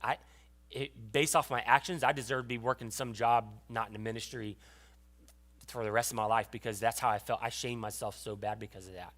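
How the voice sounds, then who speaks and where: A young adult man giving a sermon as pastor, telling a personal story with emotion and often dropping to a hushed voice. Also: medium pitch, steady tone, a little fast, few pauses. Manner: storytelling, emotional, drops to a hushed voice at tender moments.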